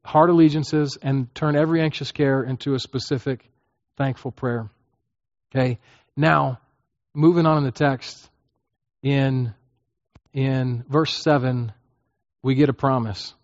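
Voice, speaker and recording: A man's voice: mid-range voice, steady tone, measured pace, pauses often, darkish tone, no echo, highs cut off. A man as a pastor preaching a conversational sermon, often checking in with the listeners and acting out prayers. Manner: conversational teaching, frequent "okay?" check-ins, acts out prayers.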